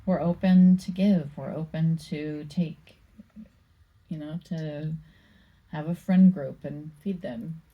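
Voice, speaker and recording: A woman giving a casual tarot card reading, musing aloud slowly with many pauses and reading card meanings from a book. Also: low-pitched, fairly even intonation, dull audio. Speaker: tarot reader.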